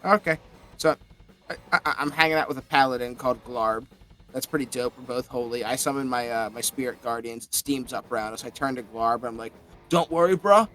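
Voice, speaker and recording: Casual male gamer, bright edgy tone, rambles through his turn. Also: mid-range voice, steady tone, fairly quick, soft background music. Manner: rambling, full of "like" and restarts, swears freely. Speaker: player. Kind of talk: tabletop game banter and in-character narration.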